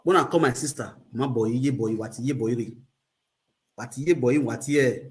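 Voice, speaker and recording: A man with a Nigerian accent and a mid-range voice hosts a casual livestream chat at a normal speed. He rambles, keeps repeating catchphrases, and laughs a lot.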